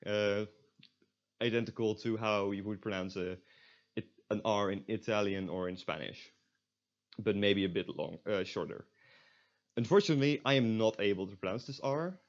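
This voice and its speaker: A man's voice: fairly low pitch, normal speed. A young man with a Dutch accent, explaining pronunciation in a casual recorded lesson, with many fillers and restarts. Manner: hesitant, lots of fillers and restarts, demonstrates sounds. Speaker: Dutch language tutor. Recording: dull lo-fi sound.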